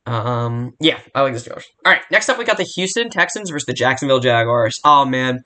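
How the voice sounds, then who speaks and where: A man's voice: medium pitch, expressive, a little fast, sharp tone. A young man hosting a casual solo sports podcast from home, talking bluntly and rambling with frequent restarts and swearing. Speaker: podcast host. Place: home room near a barking dog.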